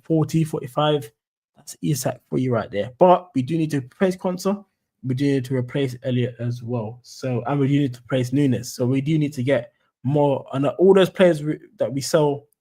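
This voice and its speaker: Young London bloke, casual streamer, rambling chat, mellow warm tone. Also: male voice, mid-range voice. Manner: chatty, rambling, says "mate" and "you know what I'm saying". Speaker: football fan streamer. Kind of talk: casual live-stream commentary.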